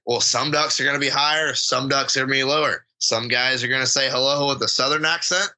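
A man co-hosting a casual hunting chat, rambling and animated, acting out what he said to himself along the way. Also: medium pitch, quick pace, low-quality recording. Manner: rambling, animated, acts out quotes. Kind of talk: casual chat about duck calling.

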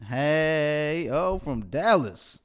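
A man's voice: on the high side, expressive, very slow. A man hosting a podcast, casual banter in loose slang, laughing often. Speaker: podcast host.

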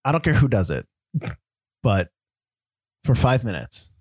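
A man co-hosting a casual movie podcast, a sarcastic and animated critic. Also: medium pitch, slow, slightly rough, no room sound. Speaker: podcast co-host.

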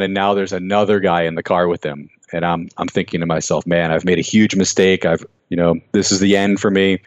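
An earnest man with a low voice tells a personal story as a podcast guest, reflective and halting, often restarting his sentences. The recording sounds dull and very dry. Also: no echo. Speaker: guest, racing driver.

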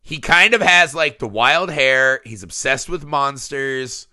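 A man in his thirties co-hosting a casual movie podcast, animated and profane, acting out quotes with big jumps in his voice. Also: medium pitch, takes it slowly, dry recording, studio quality. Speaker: podcast co-host.

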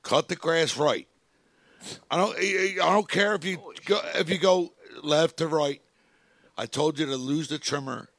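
A man improvising an enraged, sweaty husband who yells and curses in a comic bit. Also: a little high, a little slow, no room sound, clean studio sound. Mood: scolding. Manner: shouting, profane, scolding. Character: enraged sweaty husband yelling over pizza.

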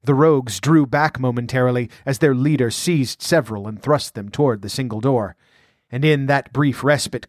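A man's voice: mid-range voice, dry recording, studio quality. Man narrating a sword epic. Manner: measured, dramatic reading. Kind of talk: audiobook narration.

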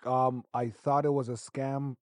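A man's voice: medium pitch, little pitch movement, no echo, clean studio sound. A man co-hosting a podcast, teasing and laughing through casual chat. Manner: laughing, teasing, quick reactions. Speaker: podcast co-host.

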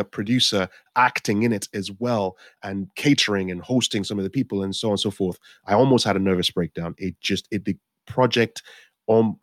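Low-voiced man telling his story. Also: dry recording, clean studio sound. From Nigeria. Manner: rambling with frequent restarts and self-corrections; animated, acts out his own past thoughts. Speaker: actor guest. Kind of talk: conversational storytelling.

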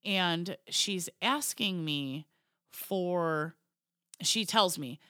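A woman's voice: fairly low pitch, very slow, bright, forceful tone, dry recording, clean studio sound. A woman co-hosting a podcast, telling stories in casual chat, laughing often and saying "you know" a lot. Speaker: podcast co-host.

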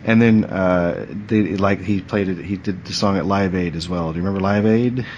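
A man's voice: low-pitched, moderate pace, a little mellow, highs cut off, a little hiss or hum. A man in his forties, chatting casually as a podcast host, rambling and jokey, often trailing off. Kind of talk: casual chat.

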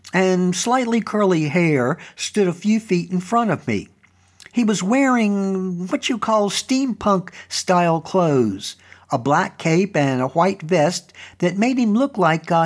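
A man hosting a show, narrating a first-person story in an earnest, conversational way. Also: high-pitched. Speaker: storytelling host and historical reenactor.

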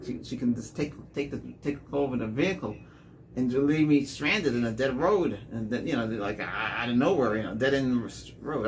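A man rambling through his own dating stories in a casual monologue, repeating words and getting animated when he quotes people. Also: medium pitch, slight background noise. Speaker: dating vlogger.

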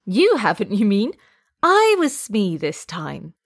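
A young man calls out loudly in a storybook reading, played by a woman. His voice sits well above the narrator's and stays gravelly and husky. The sound is close and dry. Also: medium pitch, huge pitch swings, takes it slowly, dry recording, voice pushed up, exaggerated voice. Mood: calling eager. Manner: loud, calling. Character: eager young man calling out.

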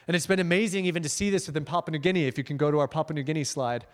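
A young man giving an energetic, conversational sermon as a missionary speaker, telling stories with slides and laughing often. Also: fairly high pitch, racing.

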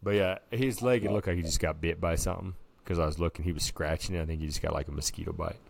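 A man's voice: deep voice, fast talker, creaky. A man co-hosting a podcast, telling a story in casual chat, acting out quotes with lots of "dude". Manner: animated storyteller, acts out quotes, says "dude" a lot. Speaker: podcast co-host.

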